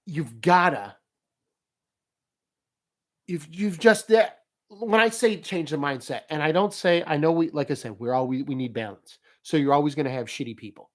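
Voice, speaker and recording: A man's voice: on the high side, normal speed. A man talking casually as host, telling a story and giving motivational advice, laughing as he goes. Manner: animated, laughs while telling stories.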